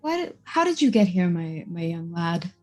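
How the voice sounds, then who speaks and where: A woman's voice: lowish voice, sing-song, moderate pace, warm tone, faint music behind. Reassuring woman player. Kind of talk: in-character tabletop play.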